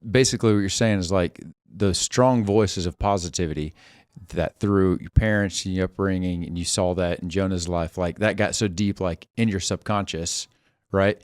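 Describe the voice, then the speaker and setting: A man's voice: low-pitched, steady tone, normal speed, clear, resonant tone, dry recording, studio quality. A man hosting a casual chat, talking in a conversational, affirming way. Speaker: host.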